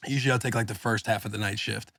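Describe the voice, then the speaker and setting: Young male podcast co-host, quick and casual, dry close sound. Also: on the low side, steady tone, gravelly, fairly bright tone, no room sound. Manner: laid-back, swears freely, says bro and dude. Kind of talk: casual chat.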